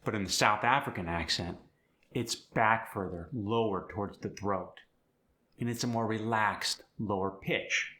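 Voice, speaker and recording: A man's voice: fairly low pitch, measured pace, bright, forceful tone. A man teaching an in an upbeat, step-by-step tutorial. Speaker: accent coach. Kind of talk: instructional tutorial.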